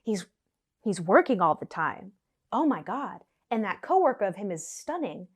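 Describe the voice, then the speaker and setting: A woman's voice: mid-range voice, very animated, normal speed, breathy edge. Woman doing a frantic young fiancée. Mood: panicked. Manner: frantic, dramatic.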